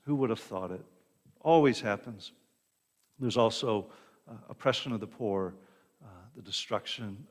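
A man preaching a sermon, retelling a Bible story in a conversational way with asides and restarts. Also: fairly low pitch. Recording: long reverb of a hall.

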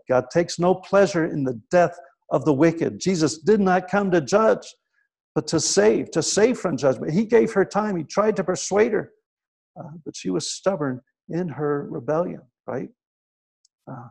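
A man's voice: on the high side, animated, a little slow, gravelly, breathy edge. Man preaching a sermon with "right?" asides. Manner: storytelling preaching, dropping to a hushed voice for quiet moments; frequent "right?" asides to the congregation.

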